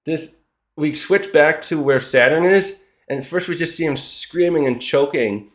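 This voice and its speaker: A manga chapter reviewer, male, with a somewhat high voice and a slightly slow delivery. He recaps a comic chapter casually, rambling and frequently correcting himself.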